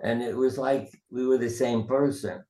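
A man's voice: mid-range voice, steady tone, normal speed, dark tone. An older man, a retired surgeon, telling rambling anecdotes in a casual interview, with fillers and acted-out quotes. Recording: roomy echo.

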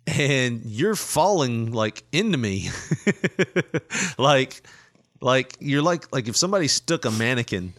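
A middle-aged man spins a story in a relaxed, chatty way, breaking into laughter often. His voice sits at an ordinary pitch, and he slips into other voices when he quotes. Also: unhurried. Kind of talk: casual storytelling chat.

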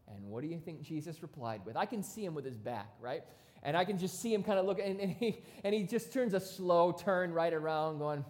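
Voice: mid-range voice, a little fast. Casual pastor preaching a sermon. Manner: casual, conversational, with sudden loud bursts. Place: church.

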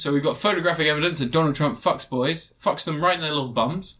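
A man's voice: fairly high pitch, fast, hardly any pauses, sharp tone. A man co-hosting a podcast, rambling through a crude, jokey film review and acting out characters in silly voices. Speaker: podcast co-host. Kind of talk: casual comedic film review chat.

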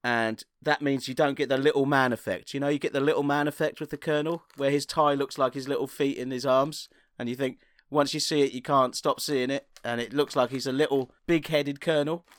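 A man co-hosting a casual comedy podcast, giggly and quick to put on silly voices and sound effects. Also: mid-range voice, fairly even intonation, dry recording, clean studio sound. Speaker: podcast co-host.

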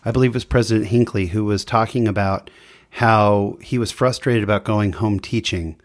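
A man's voice: lowish voice, moderate pace. A man interviewing a guest in a casual chat, friendly and encouraging with joking asides.

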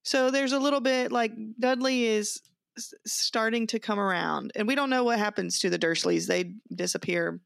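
A woman co-hosting a faith podcast, talking in an animated, quick way and laughing often. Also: a little high, creaky, no room sound, clean studio sound. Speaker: podcast co-host. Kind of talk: casual chat.

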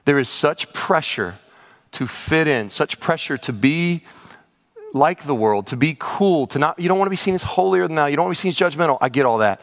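A man's voice: on the high side, lively intonation, a little fast, a bit bright. A man pastor preaching a sermon in a conversational way with sudden exclamations, heard in a large church hall. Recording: reverberant hall.

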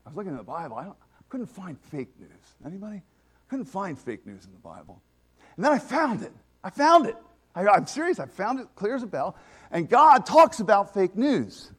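High, lively-voiced preacher man. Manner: emphatic, swings from loud exclamations to quiet asides. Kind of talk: sermon.

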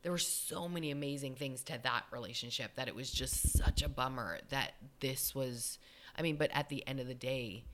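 Low-voiced woman telling a lively story. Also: moderate pace. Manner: animated storyteller, acts out quoted lines. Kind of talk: casual chat.

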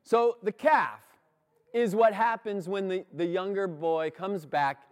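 A man's voice: sits high, slow pace. A man preaching a sermon in a church, talking in a conversational way and often laughing.

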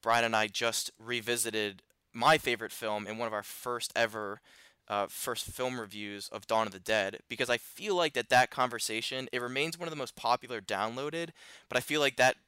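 Bright, smooth-voiced man hosting. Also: medium pitch, normal speed, no echo. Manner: enthusiastic, loose and full of restarts. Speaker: podcast host. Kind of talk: casual interview.

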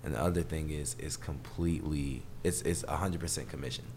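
Deep-voiced young man telling stories. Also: fairly quick, a little mellow, a little hiss or hum. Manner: laid-back storyteller, acts out quotes in other voices. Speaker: guest. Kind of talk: casual podcast chat.

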